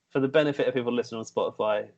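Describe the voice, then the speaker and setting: A man's voice: mid-range voice, a little mellow, no room sound. A man co-hosting a podcast, making dry, wry remarks and laughing as he recaps a reality show. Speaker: podcast co-host. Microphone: remote call mic. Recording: dull, dry lo-fi remote recording.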